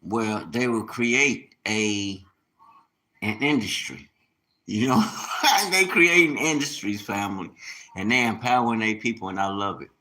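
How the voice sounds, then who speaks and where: A man chatting on a live stream in an animated, preachy, joking way, laughing often. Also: fairly low pitch, a little slow, low-quality recording. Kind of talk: casual live-stream chat.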